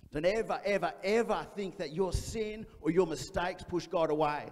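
A man's voice: fairly high pitch, normal speed, few pauses, a little mellow, a little hiss or hum. A male pastor preaching a sermon, telling a story with energy and acting out the voices of the people in it. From Australia. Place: church auditorium. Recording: church hall reverb.

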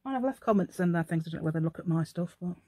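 A woman's voice: lowish voice, animated, rapid-fire, darkish tone, dry recording. Woman, middle-aged, rambling craft-channel host, mock-posh telephone voice, dry sound. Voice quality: playful put-on posh telephone voice. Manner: rambling, chatty, talks to herself while working. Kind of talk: casual crafting demonstration.

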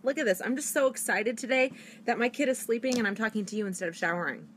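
Young woman, direct sales pitch on a live stream, fast and gushing, slightly high voice, faint hum behind. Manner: fast-talking, gushing, enthusiastic. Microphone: phone or webcam.

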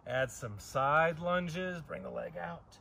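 A Southern California yoga instructor teaches an outdoor flow, calling out poses and breaths in a slightly raised voice that's a little high, sing-song, creaky, pushed and bright. He talks at a slow pace and drops playful jokes between cues, with faint outdoor ambience and slight background noise underneath.

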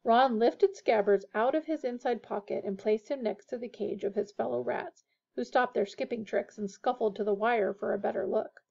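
A woman's voice: a little high, normal speed, vocal fry, dark tone, husky. Woman reading a storybook aloud. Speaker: audiobook reader. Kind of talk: storybook narration. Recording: dull lo-fi recording.

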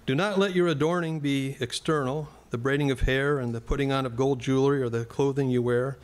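A male pastor preaches a sermon in church, earnest and plain-spoken, now and then turning to speak straight to the congregation. His voice sits at a medium pitch with a steady tone, and he talks a little fast.

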